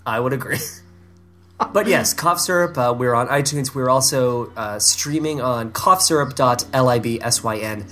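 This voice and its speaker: A man's voice: medium pitch, moderate pace, sharp tone, soft background music. A man co-hosting a podcast in casual, joking chat, laughing often. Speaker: podcast co-host.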